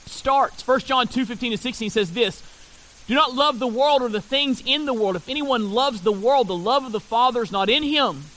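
A man preaching a sermon in a strikingly high voice. His tone is bright and forceful. He reads scripture passages and slows down to stress single words. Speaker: pastor.

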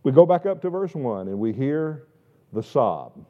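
Man, pastor preaching a sermon, lively rise and fall, emphatic, echoey church hall, dull lo-fi recording. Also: medium pitch, unhurried. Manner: emphatic, swings between loud stress and quiet asides; repeats words while restarting. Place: church sanctuary.

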